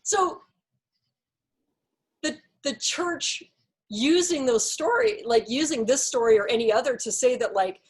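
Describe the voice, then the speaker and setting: Woman, fairly high voice, Bible study leader, casual, thoughtful, explains with examples. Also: lively intonation, measured pace, pauses often. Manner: thoughtful, explains with examples, uses "like" and "you know" often. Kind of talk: casual group discussion.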